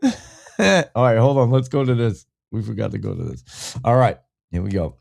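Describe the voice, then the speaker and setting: A young man hosts a live podcast in a loose, rambling way, swearing freely and answering chat comments as they come in. His pitch bounces around a lot, jumping high whenever he gets worked up. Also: sing-song, normal speed, gravelly, a little mellow. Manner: rambling, profane, reads chat aloud. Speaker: podcast host. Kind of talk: casual live-stream talk.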